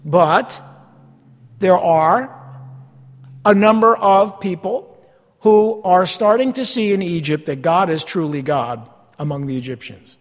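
A man with a high voice delivers a sermon as a pastor. He keeps it conversational and often turns rhetorical questions on his listeners. His voice rings out with a long reverb, as in a large hall. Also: expressive, slow pace, long pauses.

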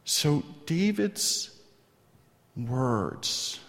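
A man preaching a sermon as pastor, moving between hushed asides and loud, stretched-out emphasis. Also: on the high side, very animated, very slow. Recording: long reverb in a large hall.

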